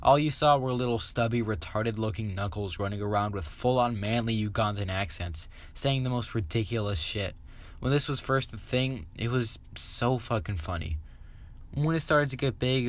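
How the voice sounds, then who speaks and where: A man's voice: fairly low pitch, normal speed. A young man giving a sarcastic, swearing comedic review of internet memes. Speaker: meme commentary YouTuber.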